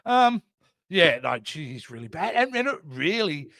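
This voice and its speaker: Australian male podcast co-host, high bright voice, animated exasperated ranter. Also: a little slow, no echo. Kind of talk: casual podcast chat.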